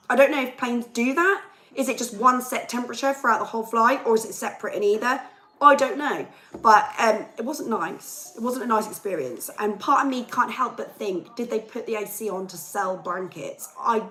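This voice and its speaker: A woman's voice: fairly high pitch, fairly bright tone, poor audio. A young woman hosting a casual livestream and ranting to viewers, her voice chesty and worn. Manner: chatty, ranting, reads viewer comments aloud. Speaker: livestream host and singer. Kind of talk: casual live chat with viewers.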